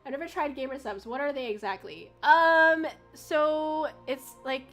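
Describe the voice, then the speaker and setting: A young woman streaming live, rambling through casual chat with plenty of fillers and curse words. Her voice sits a little high and sounds bright and forward. Faint music plays underneath. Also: unhurried. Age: young adult. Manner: rambling and chatty, lots of fillers and swearing. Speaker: VTuber streamer. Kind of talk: casual livestream chat with viewers.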